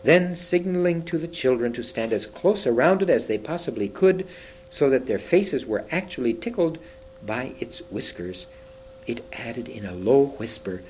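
Expressive man reading a children's story. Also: medium pitch, moderate pace, a little hiss or hum, low-quality recording. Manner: expressive with occasional slips and restarts. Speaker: reader.

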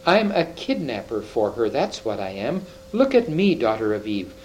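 A man's voice: medium pitch, big pitch swings, normal speed, slight background noise, lightly acted, poor audio. A man doing Mister Tumnus, a sobbing faun. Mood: sobbing, guilty. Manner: sobbing, groaning pleas. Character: gentle sorrowful male faun, tearful and guilt-ridden.

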